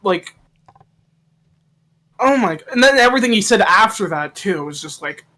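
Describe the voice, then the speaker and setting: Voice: mid-range voice, lively intonation, moderate pace, pushed and bright. Flustered, exclaiming fan-dubber. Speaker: fan dub voice actor. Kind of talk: casual chat after recording.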